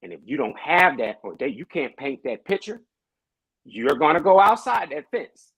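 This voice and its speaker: Animated husky-voiced man, pastor. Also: on the high side, normal speed, dry recording, poor audio. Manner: animated storytelling, preacher-like emphasis. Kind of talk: casual podcast discussion.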